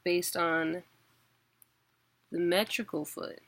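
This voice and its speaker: A woman teaching an online class, talking slowly and patiently. Her voice sits a little low and has a gravelly edge. She explains in a casual way, with some filler words along the way. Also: fairly even intonation, a bit bright, dry recording. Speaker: poetry teacher.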